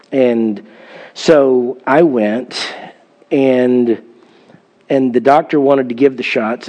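A man's voice: mid-range voice, dark tone, muffled recording. A middle-aged man, a pastor, preaching a sermon in an earnest storytelling manner, with emphatic scripture reading.

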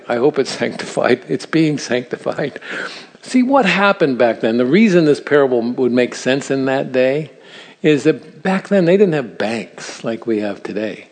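Older man preaching in a reverberant hall. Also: medium pitch. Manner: earnest storytelling, chuckles at his own asides. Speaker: speaker at a church seminar for grandparents. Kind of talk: sermon-style teaching talk. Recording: long reverb of a large hall.

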